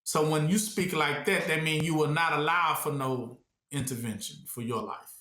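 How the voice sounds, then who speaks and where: High, bright-voiced man teaching scripture. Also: moderate pace. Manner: asks rhetorical questions for the listeners to finish; conversational, repetitive preaching. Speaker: Bible teacher. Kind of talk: call-and-response Bible teaching. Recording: roomy echo.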